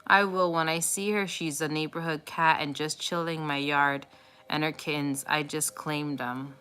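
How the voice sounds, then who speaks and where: Bright-voiced woman chatting to viewers. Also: low voice, steady tone, moderate pace, clear, resonant tone. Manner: chatty and affectionate, cooing baby talk at her cat. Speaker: tarot reader live streaming. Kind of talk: casual live-stream chat with viewers.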